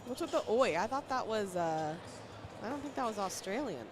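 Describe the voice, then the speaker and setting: A woman's voice: mid-range voice, animated, moderate pace. An American woman doing casual, teasing play-by-play commentary at a cornhole tournament, laughing often. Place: tournament venue. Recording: noisy event venue.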